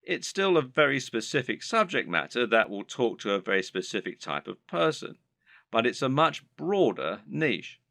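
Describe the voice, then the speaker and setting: A man giving scripted narration for an online course in a steady, explanatory lecturing manner. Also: mid-range voice, moderate pace, vocal fry, no room sound, studio quality.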